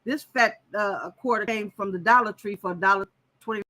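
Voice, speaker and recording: A woman's voice: medium pitch, moderate pace, sharp tone, poor audio. A woman hosting a casual live-stream quilting tutorial, chatting straight to her viewers as she goes.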